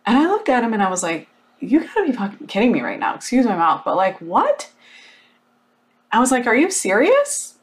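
Animated woman telling a story. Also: fairly high pitch. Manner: animated, emphatic storytelling with frequent "like"; blunt, occasional swearing. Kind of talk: casual motivational talk.

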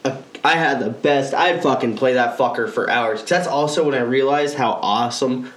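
A young man co-hosting a casual podcast, telling gaming stories in an excitable, profane way with sudden shouted outbursts. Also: medium pitch, normal speed, reverberant. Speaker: podcast co-host. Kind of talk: casual chat.

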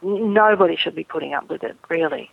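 A middle-aged woman, an airline pilot, speaking earnestly and measured as a guest in a phone interview. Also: lowish voice, vocal fry, no echo. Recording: tinny phone line.

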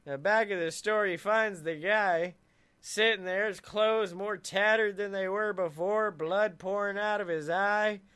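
A man co-hosting a comedy podcast, spinning a long, profane joke and cracking up at his own punchlines. His voice is high and bright, with a smooth, crisp tone. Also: steady tone, a little slow. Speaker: podcast co-host. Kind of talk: rambling comedic storytelling.

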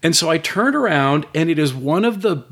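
Animated man telling a story. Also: a little high, brisk, slightly rough. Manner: animated storyteller, swears, acts out voices. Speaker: guest, food business owner. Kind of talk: casual storytelling.

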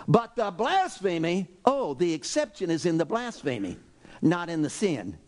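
A male pastor preaching a sermon, animated and exclaiming, acting out voices from the story. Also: sits high, normal speed.

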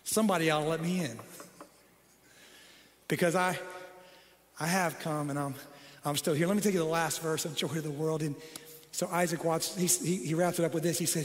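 A middle-aged man preaching a sermon as pastor, swinging between hushed, low passages and excited, rising peaks. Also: fairly quick, long pauses, big-room sound. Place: church sanctuary.

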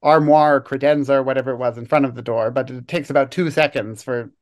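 A podcast co-host giving casual, wry analysis of a TV episode, sometimes slowing down to weigh each word. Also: medium pitch, steady tone, darkish tone.

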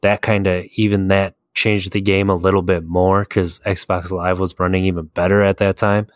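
A man with a very deep voice tells gaming stories in a loose, conversational way and laughs at his own tales. The sound is dry and close, with no room around him. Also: little pitch movement, normal speed, dry recording. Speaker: podcast co-host. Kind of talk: casual chat about video games.

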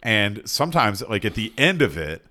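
Low-voiced middle-aged man hosting. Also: sing-song, normal speed, pushed and bright. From North Carolina. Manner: rambling, thinks aloud with restarts. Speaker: host and mediator. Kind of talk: conversational interview.

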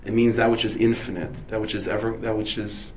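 A man's voice: lowish voice, level tone, a little fast, a little mellow, low-quality recording. A man, a rabbi, giving a Torah lecture full of Hebrew terms, asking and answering his own questions. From United States. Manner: dense with Hebrew and Yiddish terms.

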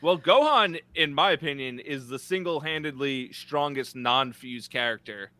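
A man in a casual chat on a live stream, talking in an animated way, full of "like" and the odd swear word. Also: mid-range voice, normal speed, dry recording. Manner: animated, heavy use of "like", swears.

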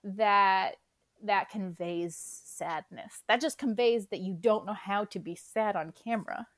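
A woman's voice: mid-range voice, measured pace, no room sound. A young woman co-hosting a casual podcast, ranting about a movie with swearing and acted-out quotes. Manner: animated, swears, acts out scenes. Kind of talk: casual chat, movie rant.

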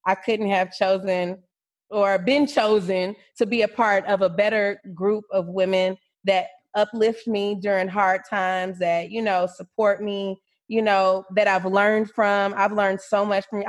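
Woman on a podcast, earnest and heartfelt, mid pitch, plain voice. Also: steady tone, moderate pace. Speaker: podcast co-host. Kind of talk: casual chat.

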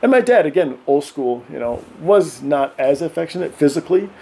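A middle-aged man telling animated stories in casual podcast chat, often acting out voices and laughing. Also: fairly high pitch, brisk, creaky, slightly rough. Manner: animated, acts out voices of his kids and himself, laughs often. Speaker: podcast guest.

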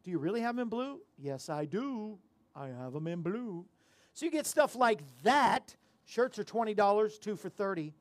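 A man's voice: high voice, animated, normal speed, dry recording. A man hosting a casual talk show, rambling and self-deprecating as he chats and tells corny jokes. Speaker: show host.

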